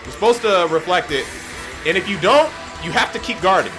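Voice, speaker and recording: A young man giving chatty gameplay commentary, explaining his own mistakes and breaking into excited shouts at his opponent. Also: sits high, fairly quick, music in the background. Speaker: gaming YouTuber.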